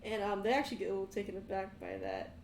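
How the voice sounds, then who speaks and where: A woman's voice: mid-range voice, huge pitch swings, rapid-fire, a little mellow, distant mic, a little hiss or hum. A woman running a tabletop game as game master, narrating in a giggly, rambling way. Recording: echoey room, away from the mic.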